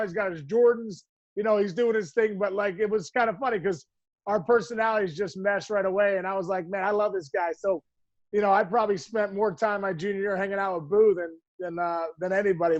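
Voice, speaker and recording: A man in his forties with a high, bright voice tells baseball stories on a podcast, animated and laughing, acting out quoted lines. The sound is close and dry, with no room around it. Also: brisk, no echo, highs cut off. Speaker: podcast guest, former pro ballplayer. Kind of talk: casual storytelling chat.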